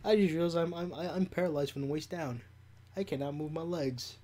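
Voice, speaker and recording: A man's voice: on the high side, fairly quick, a little mellow, slight background noise. A young man streaming, chatting casually in a playful, drawling, clowning way. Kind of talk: casual chat.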